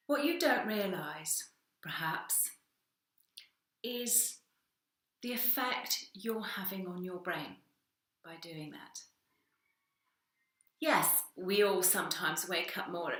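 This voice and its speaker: A woman in middle age speaks straight to camera in an easy, conversational way, now and then acting out small back-and-forth exchanges. Her voice is bright and clear, at a middle pitch for a woman. The recording has a noticeable roomy echo. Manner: conversational, acts out little dialogues. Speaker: hypnotherapist. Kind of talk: direct-to-camera talk.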